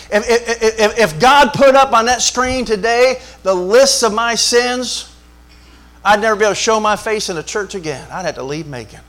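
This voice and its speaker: A man's voice: high voice, moderate pace, fairly bright tone. A man preaching a sermon. He speaks emphatically, repeats his lines, calls out for amens and makes jokes. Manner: emphatic call-and-response preaching, repetitive, joking. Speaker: pastor.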